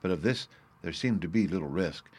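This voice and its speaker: A man narrating a classic novel in a measured, even storytelling manner. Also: deep voice, slightly rough. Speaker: audiobook reader. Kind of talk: scripted narration.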